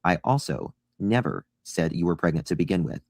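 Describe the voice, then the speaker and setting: Very deep-voiced man reading an email. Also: lively intonation, a little fast, vocal fry, darkish tone, dry recording, clean studio sound.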